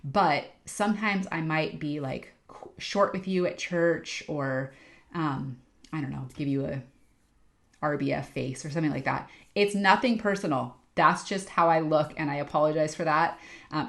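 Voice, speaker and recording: Low-voiced woman giving a frank training talk. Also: vocal fry. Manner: candid, chatty, frank about herself. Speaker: interim children's ministry director.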